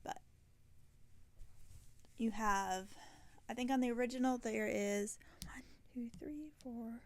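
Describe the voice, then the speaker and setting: A tired woman hosting a knitting podcast, chatting casually and rambling, with soft half-whispered asides. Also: fairly high pitch, steady tone, slow, no echo. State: tired and yawning. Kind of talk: casual chat. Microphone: self-filmed camera.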